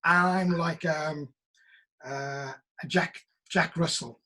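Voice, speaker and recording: Animated Welsh man, husky and high. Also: takes it slowly. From Wales. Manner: animated storyteller, acts out quoted voices. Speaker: actor. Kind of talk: video call discussion. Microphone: video call.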